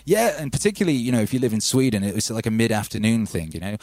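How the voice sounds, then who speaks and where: A man hosting a relaxed livestream, rambling and reading out chat names. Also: mid-range voice, very fast, no room sound. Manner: laid-back, rambling, calls listeners baby. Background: faint music.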